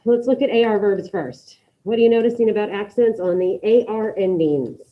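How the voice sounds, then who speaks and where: A woman teaching a Spanish class to students in the room and online, giving brisk, repeated instructions and modeling pronunciation. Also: medium pitch. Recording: dull lo-fi classroom audio.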